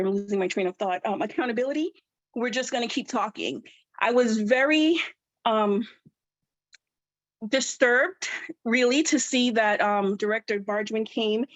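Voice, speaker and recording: A woman's voice: a little high, no room sound, highs cut off. A woman giving a public comment as a parent at a video-call hearing, out of breath, impassioned and frustrated.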